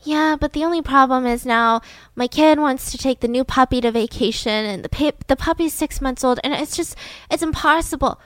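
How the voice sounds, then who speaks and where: A frazzled young mother, voiced by a woman rattles through her worries in a hurried, scattered way. The voice sits slightly high and sounds dry and close, as in a podcast retelling. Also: fairly bright tone, dry recording. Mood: harried.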